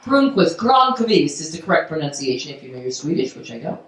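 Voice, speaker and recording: A woman stand-up comedian telling stories in a brash, loud, animated way on a comedy club stage. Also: sits low, brisk. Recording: roomy club sound from far off.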